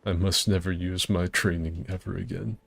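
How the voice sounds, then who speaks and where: A man's voice: low voice, level tone, moderate pace, gravelly, fairly bright tone, husky. A man streaming a co-op game with friends, rambling in a laid-back way, swearing freely and laughing often. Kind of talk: casual gaming chat.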